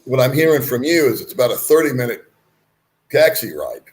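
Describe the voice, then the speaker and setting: A man's voice: mid-range voice, big pitch swings, fairly quick, darkish tone. A man hosting a casual chat, talking in a rambling, frank way with folksy asides. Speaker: host.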